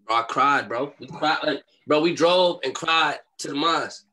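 A young man telling a story as a podcast guest, in animated street talk and acting out what people said. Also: on the high side, moderate pace. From New York.

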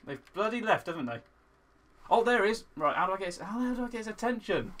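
A young man hosting a gaming video, excitable, swinging from frustrated muttering to loud shouting at the game. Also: sits high, fast talker. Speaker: gaming channel host. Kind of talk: let's play commentary.

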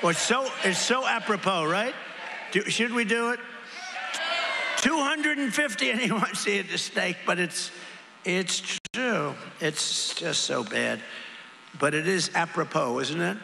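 Older man rambling at a rally, gravelly. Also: high-pitched, unhurried. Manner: rambling, repetitive, ad-libbing to the crowd. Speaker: politician at a campaign rally. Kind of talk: campaign rally speech. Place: large arena rally. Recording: long reverb hall, crowd noise. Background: crowd and hum.

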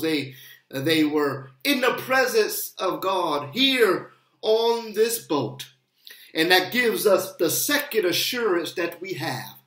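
A pastor preaching a sermon in a slow, emphatic style, with appeals that build and rise. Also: mid-range voice, a bit bright. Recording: roomy echo.

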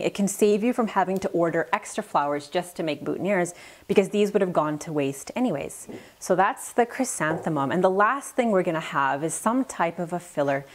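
A woman florist giving a friendly, practical step-by-step demonstration at her work table, sharing tips as she goes. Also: lowish voice. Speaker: florist instructor. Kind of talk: demonstration tutorial. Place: flower shop work table.

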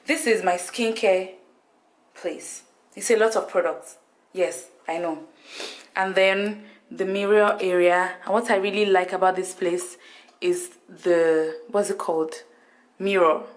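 A woman's voice: on the low side, fairly even intonation, unhurried. A young woman from Nigeria chatting playfully to her handheld camera as she shows off her hotel room and tour day. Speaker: travel vlogger. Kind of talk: casual vlog narration.

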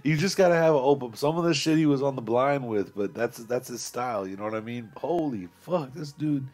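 A man's voice: mid-range voice, animated, fairly quick, a little mellow. A man with a Texan accent hosting a reaction video, swearing freely and laughing often in casual commentary. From Texas.

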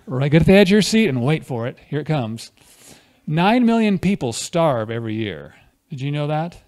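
A man's voice: a little high, very animated, moderate pace, darkish tone. A man preaching a conversational sermon at a church fellowship, often asking the congregation questions.

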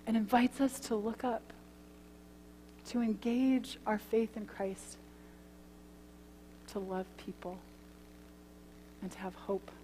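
A woman pastor giving a sermon, telling a story in a conversational way and then praying gently. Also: a little high, steady tone, slow pace, pauses often. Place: church sanctuary. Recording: long church hall reverb, faint hum.

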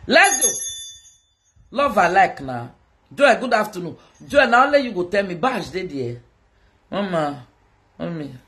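A woman's voice: on the low side, very animated, a little slow, pauses often, fairly bright tone. A woman with a Nigerian accent, chatting to viewers on a livestream, teasing them and sing-songing mock sales calls. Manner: sing-song hawking calls, switches between Pidgin and Yoruba. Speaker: social media live streamer.

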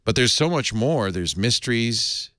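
A man's voice: medium pitch, expressive, a little slow, bright, forceful tone, no room sound, clean studio sound. A middle-aged man hosting a tech talk show, chatting casually and reading an ad with restarts and asides. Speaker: podcast host.

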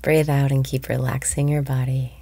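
A woman guiding a meditation, speaking slowly and softly, often breathy and whispered. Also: very deep voice, level tone. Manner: slow, soft-spoken, often breathy and whispered. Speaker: meditation guide. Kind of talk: guided meditation.

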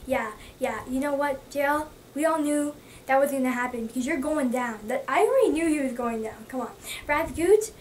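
Young woman, high voice, excitable and gushing, slightly distant mic with faint noise. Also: normal speed. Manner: gushing, excitable, lots of fillers. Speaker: book vlogger. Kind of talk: casual book review.

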